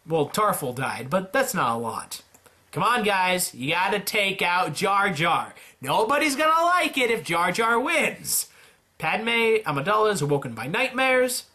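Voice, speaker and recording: A man doing casual, playful play-by-play commentary on a simulated game, with jokey asides and sudden jumps in pitch. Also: big pitch swings, unhurried, pushed and bright. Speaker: YouTuber narrating a simulator game.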